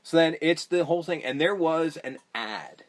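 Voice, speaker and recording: Recapping a horror film for his podcast, a man speaks at normal speed in a voice on the high side. He keeps it animated and foul-mouthed, acting out characters mid-story.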